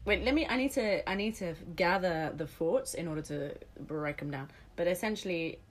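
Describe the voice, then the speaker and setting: A woman's voice: lowish voice, animated, normal speed. A young woman from England talking animatedly as a podcast guest, laughing often and swearing casually. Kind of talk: casual chat.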